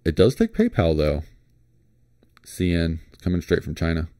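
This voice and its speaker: Laid-back low-voiced man musing aloud. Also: normal speed, no room sound, studio quality. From Florida. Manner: rambling, relaxed, thinks aloud with many fillers and restarts. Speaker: flashlight vlogger. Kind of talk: casual screen-share commentary.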